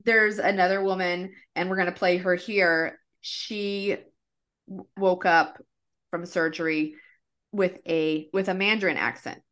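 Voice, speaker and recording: A woman's voice: fairly low pitch, fairly even intonation, unhurried, a bit bright. A woman hosting a podcast, chatting casually and telling cases in a loose, rambling way. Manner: chatty, lots of "like" and restarts. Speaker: podcast host. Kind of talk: casual chat.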